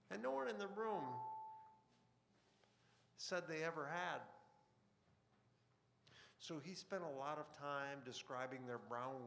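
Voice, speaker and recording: A man in a broadcast studio reading a short story he wrote, with relaxed, conversational asides and filler words between passages. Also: medium pitch, slight background noise. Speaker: author reading his own fiction. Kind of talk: live fiction reading with casual asides.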